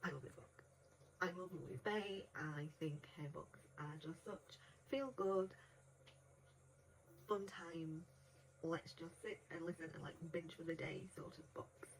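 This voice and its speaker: A woman's voice: sits low, measured pace, a little hiss or hum, low-quality recording. A woman giving a casual audiobook review in a chatty way, laughing often and acting out quotes in between. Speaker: book reviewer.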